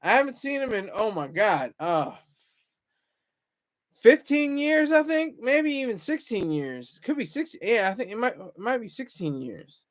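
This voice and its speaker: A man's voice: high-pitched, big pitch swings, unhurried. A man hosting a casual livestream, rambling and chatting with viewers in the comments. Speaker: livestream host.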